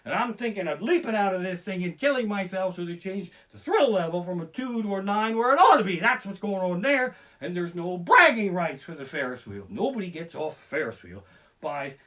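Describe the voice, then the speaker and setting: A man's voice: high-pitched, animated, fairly quick, a bit bright. A man doing profane, self-deprecating stand-up comedy, livestreamed from his living room on a barebones home setup. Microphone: barebones home streaming setup.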